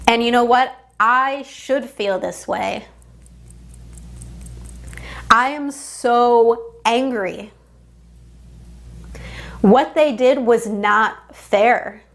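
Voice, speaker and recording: A woman coach leading a guided tapping session, speaking in deliberate, repeated affirmations. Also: a little high, creaky.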